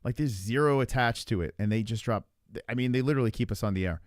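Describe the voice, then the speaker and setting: A man's voice: medium pitch, fast, no room sound, clean studio sound. A man hosting a livestream, chatting casually and profanely as he reacts to clips. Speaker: stream host.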